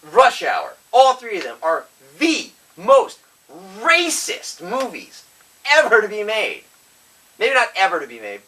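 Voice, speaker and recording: A man giving a casual, rambling movie review, going off on tangents, correcting himself, and getting loud and excited when he makes a point. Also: sits high, distant mic, low-quality recording. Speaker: film reviewer.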